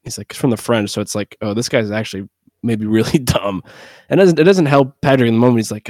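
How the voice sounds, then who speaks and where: A podcast co-host talks fast and loose, acting out bits of movie dialogue as he recaps the story. He is a man with a mid-range voice, recorded close and dry. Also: medium pitch, darkish tone, dry recording. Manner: retells scenes in quick quoted snippets, heavy "like". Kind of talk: casual movie discussion.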